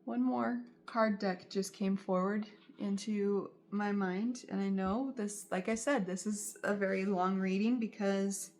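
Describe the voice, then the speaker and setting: A woman's voice: mid-range voice, fairly even intonation, measured pace, hardly any pauses, a little mellow. A woman gives a tarot reading directly to her viewers in a soothing, reassuring voice. She takes her time over every phrase and often repeats herself as she goes. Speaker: tarot reader.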